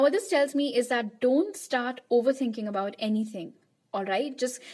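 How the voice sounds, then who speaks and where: A woman's voice: on the high side, darkish tone. A young woman giving a pick-a-card tarot reading to her viewers in a chatty, reassuring way. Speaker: tarot reader.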